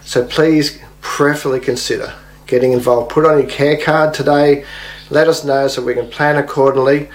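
Friendly man, mid-pitched, encouraging. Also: normal speed, rough recording. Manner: friendly and encouraging, relaxed delivery. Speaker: pastor. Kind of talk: recorded video message to a church.

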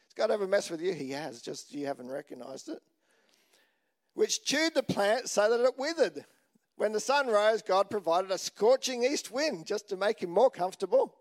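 A man's voice: high voice, lively intonation, moderate pace. A man preaching a sermon in a chatty, joking way, asking the congregation questions as he goes. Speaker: pastor.

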